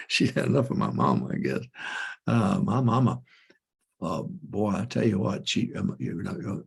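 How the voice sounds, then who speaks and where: Older man, pastor, folksy advice talk, gravelly, husky, emphatic repetition. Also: fairly low pitch. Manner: emphatic, repeats admonitions, folksy anecdotes.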